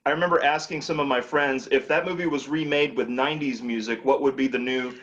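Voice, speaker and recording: A man playing as a contestant in a trivia game over a video call, relaxed and conversational. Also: medium pitch, a little fast, lo-fi sound, a crowd in the background.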